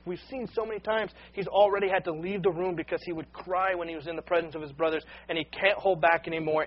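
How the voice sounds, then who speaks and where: A man preaching a sermon with earnest, unpolished delivery, often doubling back on his first words. His voice sits a little high and sounds husky. The recording is dull and lo-fi. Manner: earnest, repeats words when starting sentences. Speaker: pastor.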